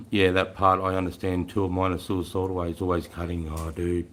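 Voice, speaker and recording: A deep-voiced Australian man in his forties hosts a casual livestream. He talks bluntly in matey slang and swears freely as he chats with viewers. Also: moderate pace, a bit bright. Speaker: livestream host.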